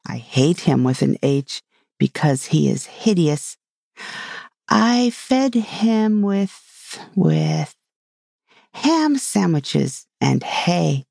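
A man's voice: fairly high pitch, expressive, slow pace, creaky, darkish tone, breathy edge, no echo, clean studio sound, heavily acted. A man voicing a curious, polite young girl in a storybook reading, raising his voice. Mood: eager. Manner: eager, polite.

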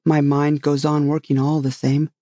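A reader voicing a solemn, rambling knight who loves his inventions, speaking gravely and earnestly in a storybook reading. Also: mid-range voice, little pitch movement, normal speed, warm tone, no room sound, studio quality, natural voice.

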